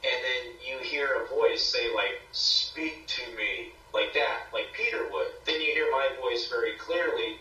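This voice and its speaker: A man with a bright, tense voice recounts a ghost investigation as a talk-show guest. He rambles and acts out the voices he quotes. The sound is echoey with a little music in the background. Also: medium pitch, normal speed, hardly any pauses, far from the mic, lo-fi sound. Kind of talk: casual interview storytelling.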